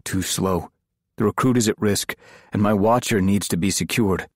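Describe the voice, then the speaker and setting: Guy playing a stern ex-priest mentor, firm and urgent, low husky voice. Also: normal speed, dry recording, clean studio sound, lightly acted. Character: former priest, tense protective mentor.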